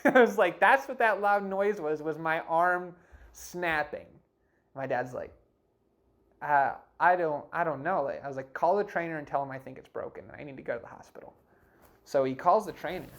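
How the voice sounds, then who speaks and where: A man casually recounting a personal story, chatty and animated, acting out the voices of other people along the way. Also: on the high side. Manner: chatty, with frequent laughs and fillers like "you know". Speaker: storyteller recounting his life.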